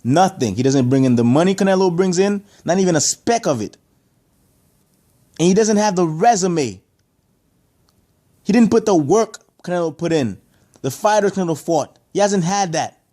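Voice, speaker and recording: A man's voice: sits high, lively intonation, moderate pace, long pauses, warm tone. A man giving an opinionated boxing rant to camera, emphatic and heated, stacking rhetorical questions and repeating his points. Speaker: boxing commentator.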